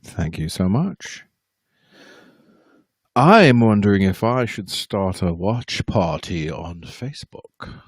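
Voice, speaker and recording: A man's voice: deep voice, very animated, takes it slowly, no room sound, studio quality. A man hosting a casual live stream from home, rambling and poking fun at himself as he talks straight to his viewers. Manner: rambling, self-mocking, talks straight to the chat. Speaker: livestream host and musician.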